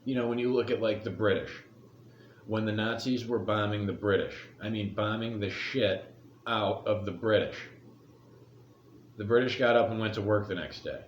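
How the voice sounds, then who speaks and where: A man's voice: on the low side, moderate pace, muffled recording, a little hiss or hum. A middle-aged man giving a casual opinion rant as a vlogger, talking bluntly and profanely and rambling from point to point. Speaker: commentary vlogger. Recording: echoey room.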